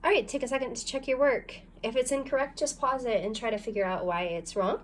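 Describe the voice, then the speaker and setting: A woman's voice: fairly high pitch, quick pace, slight background noise. A woman teaching a recorded phonics lesson, guiding learners patiently step by step and sounding out syllables. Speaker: language teacher.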